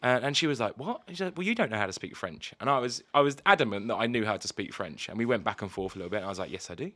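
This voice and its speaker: A man's voice: fairly low pitch, animated, rapid-fire, a bit bright. A young man co-hosting a podcast, telling rambling stories with lots of ums and restarts in casual chat. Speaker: podcast co-host.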